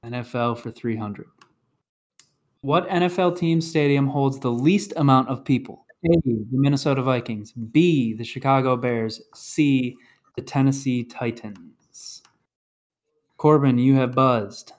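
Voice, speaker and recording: A man's voice: mid-range voice, unhurried. A man hosting a casual podcast trivia game, reading clues and announcing scores.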